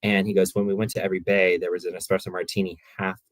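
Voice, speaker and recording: A man, a guest on a podcast, chatting casually and telling animated stories with playful impressions. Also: low voice, fast, no echo. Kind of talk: casual chat.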